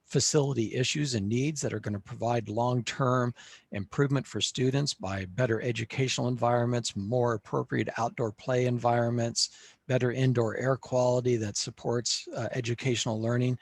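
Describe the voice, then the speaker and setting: Husky man presenting to a panel. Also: mid-range voice, no echo. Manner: measured, with frequent "uh" fillers. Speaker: panelist presenting on school facilities. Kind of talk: webinar presentation.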